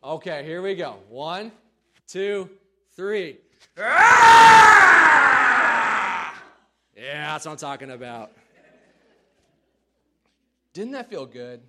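A man preaching a sermon in a church, folksy and self-deprecating, then building to loud calls to the congregation. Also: fairly high pitch, lively intonation, slow, pauses often, heavy background noise. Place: church sanctuary.

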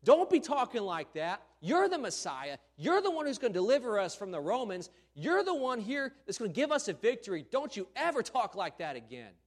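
A man acting out an agitated male disciple who scolds his teacher in a loud, pleading, urgent voice. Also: high-pitched, big pitch swings, fairly quick, hardly any pauses, voice pushed up. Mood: exasperated.

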